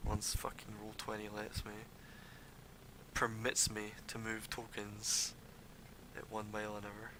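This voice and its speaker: A man runs a tabletop game as game master, narrating casually with plenty of fillers and pauses. His voice sits on the low side. The sound is noisy and rough, like a low-quality stream recording. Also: completely flat delivery.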